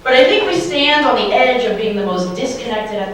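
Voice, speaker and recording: A woman's voice: a little high, expressive, fairly quick, fairly bright tone, a little hiss or hum. A woman giving a motivational keynote to a live audience, playful and full of questions to the crowd. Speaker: keynote speaker. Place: large hall, live audience. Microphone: handheld microphone. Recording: very echoey hall, mic from far off.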